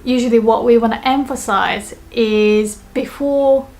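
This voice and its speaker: A woman teaching a language lesson who says her example sentences slowly and carefully. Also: on the high side, steady tone, a little mellow. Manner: slow, careful model sentences.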